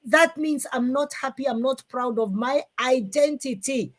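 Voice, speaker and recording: A middle-aged woman with a Kikuyu Kenyan accent, hosting a live-streamed talk show in an animated, emphatic way. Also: high-pitched, a little slow. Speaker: host.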